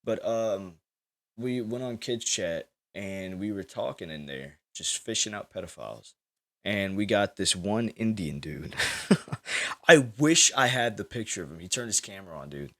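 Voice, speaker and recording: A man's voice: fairly low pitch, lively intonation, normal speed, fairly bright tone. A young man hosting a podcast, telling a story in loose, rambling, profane casual chat. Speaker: podcast host.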